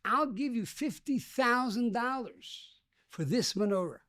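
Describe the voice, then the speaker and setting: A man's voice: very high voice, lively intonation, a little slow, bright, forceful tone, pitched above the performer's own voice, exaggerated voice. A man voicing an admiring museum curator. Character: impressed male museum curator, middle-aged.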